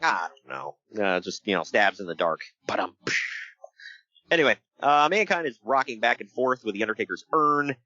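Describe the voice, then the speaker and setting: Man, casual podcast chat, animated, dull lo-fi sound, dry. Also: fairly low pitch, dry recording. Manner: animated, jokey, does quick voices for quotes. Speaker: podcast co-host recapping wrestling.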